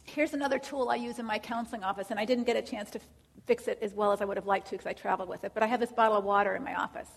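A woman's voice: medium pitch, fairly even intonation, racing, vocal fry, breathy edge. A woman teaching counseling students, asking rhetorical questions and acting out what clients say. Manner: asks many rhetorical questions, acts out clients.

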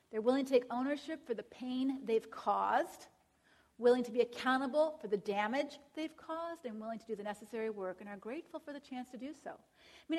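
A woman teaching a Christian counseling class in a conversational way, often checking in with the audience and quoting scripture aloud. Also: on the high side. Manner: conversational, checks in with "all right?" and "right?".

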